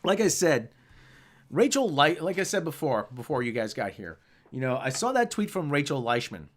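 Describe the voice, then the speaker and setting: Man, live stream host, loose rambling chat, reads viewer comments aloud, lively up-and-down pitch. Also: moderate pace.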